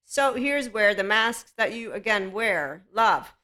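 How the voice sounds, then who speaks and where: A woman with a bright, forward tone hosts a solo spiritual self-help podcast. She speaks frankly and with strong opinions, and often breaks into laughter between thoughts. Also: medium pitch, expressive, slow pace. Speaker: podcast host.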